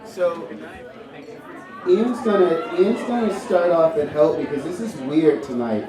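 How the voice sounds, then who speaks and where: A man's voice: on the high side, a little slow. A man co-hosting a live poetry night, joking with silly wordplay and rallying the audience in a bar venue. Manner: playful, silly wordplay, hyping the crowd. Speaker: poetry show co-host. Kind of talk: live hosting and playful rhyming. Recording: echoey room from a distant mic with loud crowd.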